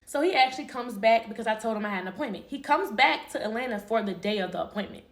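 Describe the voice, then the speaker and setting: A woman's voice: on the high side, lively intonation, fast talker. A young woman telling a personal story in a casual, candid way, swearing and laughing easily.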